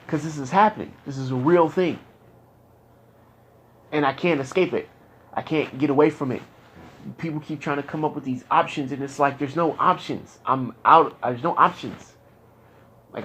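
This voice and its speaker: A man's voice: a little high, pushed and bright, breathy edge. Frustrated man venting in therapy. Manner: frustrated, profane, rising to anger. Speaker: patient in therapy. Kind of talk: candid therapy conversation.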